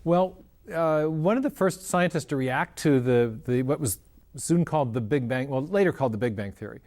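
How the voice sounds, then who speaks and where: A man's voice: mid-range voice, animated, normal speed, a little mellow. A man in an interview, explaining ideas step by step in an earnest, conversational way. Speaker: interview guest explaining science.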